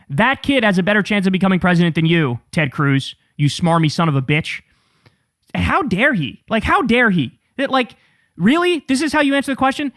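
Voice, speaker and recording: High-voiced guy ranting and cursing, sarcastic, dead dry studio sound. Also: a bit bright, no echo. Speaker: political commentary host. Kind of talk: angry political commentary reacting to clips.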